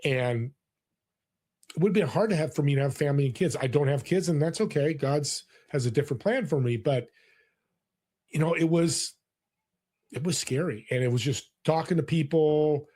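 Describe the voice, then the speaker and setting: A guest in a casual interview, this man in his sixties from California has a higher-leaning voice, a moderate pace, and frequent pauses. He recounts personal stories with earnest animation and lots of restarts.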